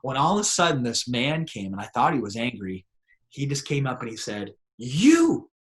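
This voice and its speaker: A man, a pastor, telling personal stories in a relaxed conversational way and acting out the people in them. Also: mid-range voice, brisk. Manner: animated storyteller, acts out voices in his anecdotes. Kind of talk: conversational storytelling.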